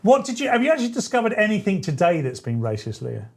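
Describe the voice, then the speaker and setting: A man's voice: sits high, wildly swooping pitch, quick pace, vocal fry, darkish tone. A man hosting a talk radio show, chatty and rambling, often correcting himself mid-sentence. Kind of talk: casual talk radio chat.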